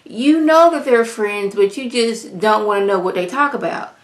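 A woman's voice: medium pitch, normal speed. Woman chatting animatedly to her viewers. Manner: animated, talks straight to viewers, mimics the cast. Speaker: reality show reviewer. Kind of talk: casual vlog commentary. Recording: roomy echo.

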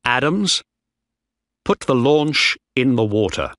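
A man's voice: medium pitch, very animated, slow, fairly bright tone, no room sound, clean studio sound, heavily acted. A man voicing a young male ship officer, desperate and defiant, who speaks firmly. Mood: commanding.

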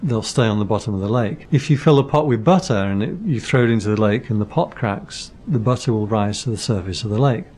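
A man's voice: lowish voice, fairly quick, few pauses, darkish tone. A man, a Buddhist monk, explaining ideas patiently in a casual podcast chat, with analogies and dry jokes. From Britain.

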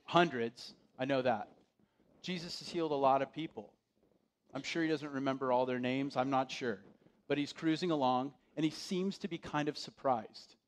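A male pastor giving a sermon in a conversational, storytelling way, dropping his voice to a hush for quoted words. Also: mid-range voice, normal speed.

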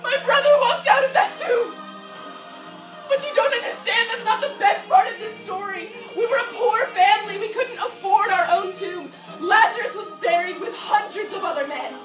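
A woman's voice: very high voice, normal speed. A woman performing a stage monologue as a grieving sister, impassioned and swinging between tears and laughter, in an echoey church heard from a distance. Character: grieving woman of Bethany mourning her brother. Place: church sanctuary. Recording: echoey church hall from far off, music behind.

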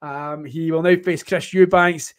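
A man with a Scottish accent hosts a casual live tennis watchalong, chatting, joking, and rambling with plenty of fillers. His voice is fairly high, his intonation fairly even, and his pace unhurried.

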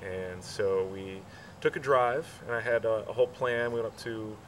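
A man with a low voice tells his story at an unhurried, halting pace, stopping often with fillers and restarts. He sits some way from the mic, and faint outdoor hiss with crickets runs behind him. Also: a bit bright, recorded from a distance, low-quality recording. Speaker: groom telling proposal story. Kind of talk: casual storytelling.

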